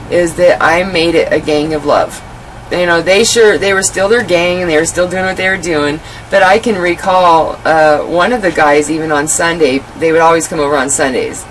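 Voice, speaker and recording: A woman's voice: low-pitched, a little hiss or hum, low-quality recording. A woman guest in an interview, telling her life story candidly and animatedly, with many "you know" fillers.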